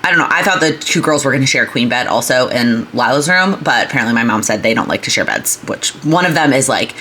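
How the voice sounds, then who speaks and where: A woman's voice: a bass voice, lively intonation, fast talker, pushed and bright. A young woman, vlogging from home in a rambling, chatty way that keeps interrupting itself. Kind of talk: casual chat. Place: home, indoors. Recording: echoey room with faint noise.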